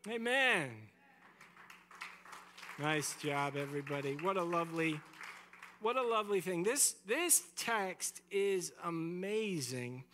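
A man's voice: sits high, fairly bright tone, a little hiss or hum. A man leading worship gives a short, enthusiastic teaching between songs and keeps asking rhetorical questions. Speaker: worship leader.

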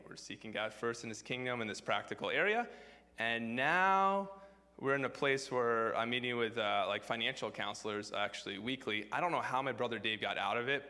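A man's voice: fairly low pitch, pushed and bright, long reverb tail. A man preaching a sermon, telling a personal story in a casual, filler-heavy way. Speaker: pastor.

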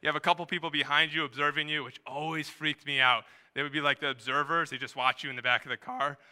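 Male pastor, bright and smooth-voiced, conversational sermon with lively asides. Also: on the high side. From New Hampshire, USA. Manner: conversational, quick asides, rising emphasis. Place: church during live service.

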